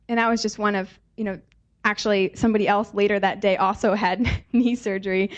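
A young woman speaks to a congregation in a loose, conversational way. Her pitch sits in the middle, and she tells her story with many fillers. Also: highs cut off. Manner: casual, chatty, many fillers and laughs. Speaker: church speaker sharing testimony. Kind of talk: testimony in a sermon.

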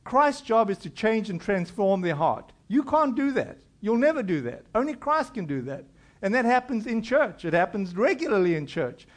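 A man's voice: high-pitched, sing-song, normal speed. A middle-aged male pastor preaching a conversational sermon, acting out quoted voices as he goes.

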